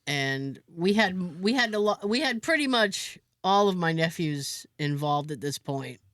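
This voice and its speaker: Podcast lady telling a story, acts out everybody's lines, really lively up-and-down voice, dry close sound. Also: fairly low pitch, a little slow, no echo. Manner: animated storyteller who acts out other people's lines. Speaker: podcast co-host. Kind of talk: casual storytelling chat.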